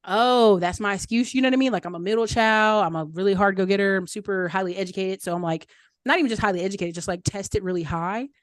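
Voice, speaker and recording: A woman's voice: mid-range voice, quick pace, dry recording, clean studio sound. A woman giving candid, chatty money and property advice, acting out the voices of people she quotes. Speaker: guest speaker answering questions. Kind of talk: casual advice talk.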